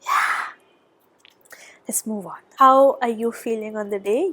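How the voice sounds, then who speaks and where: A woman giving a tarot reading, gushing and excitable, often dropping to a soft whisper, a little out of breath. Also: fairly high pitch, slow pace, pauses often. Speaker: tarot reader. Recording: background noise.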